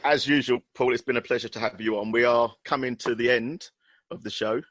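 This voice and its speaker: A man's voice: medium pitch, fairly even intonation, a little fast, a bit bright, no room sound. A man hosting a podcast, thanking the guest and moving the show on to the next segment. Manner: friendly, wraps up the show and hands over to others. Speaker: podcast host.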